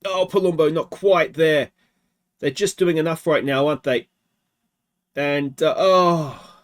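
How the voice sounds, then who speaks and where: Australian male let's-play host, slightly high voice, chatty game commentary full of rhetorical asides. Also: a little slow. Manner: chatty, asks himself rhetorical questions.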